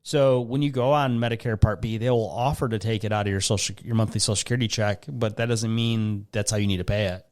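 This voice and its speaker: A middle-aged man with a somewhat low voice hosts a retirement podcast. He talks in a casual, easygoing way and explains money matters through everyday comparisons. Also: steady tone, quick pace, hardly any pauses, darkish tone.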